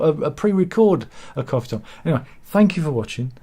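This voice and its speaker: A man's voice: medium pitch, expressive, rapid-fire, few pauses, dark tone, slightly rough. A man hosting a satirical news chat show, casually reading out viewer comments with rambling, jokey and self-mocking asides.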